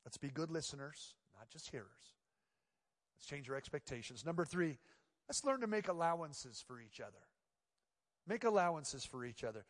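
A pastor preaching in a reverberant hall, his voice sitting a little high for a man. He keeps it chatty and playful, then sinks into hushed, earnest passages. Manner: conversational and playful, dropping to quiet earnest tones. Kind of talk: sermon.

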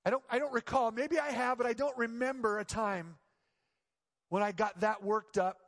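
A middle-aged male pastor tells a story from the pulpit, his voice sitting high and swelling into loud, pleading cries. The sound rings with the long reverb of a church sanctuary. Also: fairly even intonation, normal speed. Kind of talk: sermon.

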